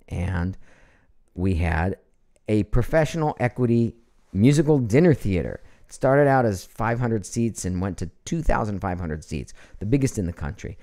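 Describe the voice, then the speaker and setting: Middle-aged male stream host, lively pitch, chatty, laughs a lot, reads comments. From Ohio, USA. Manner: chatty and animated, laughs often, reads viewer comments aloud. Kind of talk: casual live stream chat. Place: home.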